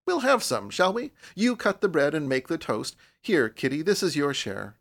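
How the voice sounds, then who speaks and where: A man voicing a young woman neighbor who talks in a brisk, bright way and takes charge. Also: on the high side, big pitch swings, gravelly, full character voice. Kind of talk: audiobook character reading.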